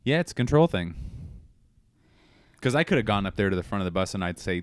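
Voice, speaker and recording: A man co-hosting a podcast in casual chat, telling stories animatedly with sudden loud bursts. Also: fairly low pitch, sing-song, fast, pauses often, smooth, no room sound, studio quality. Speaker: podcast co-host.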